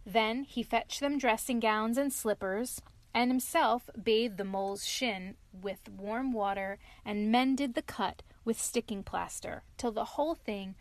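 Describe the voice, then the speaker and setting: A mother hosting a show and reading a bedtime story aloud in a calm, steady way. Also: a little high, unhurried, dry recording.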